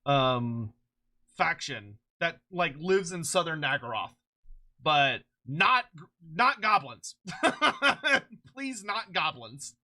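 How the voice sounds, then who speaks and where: Excitable streamer, swears a lot, rambling casual chat, very lively pitch, bright edge. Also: takes it slowly. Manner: excitable, swears freely, laughs often; rambling with frequent restarts. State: short on sleep.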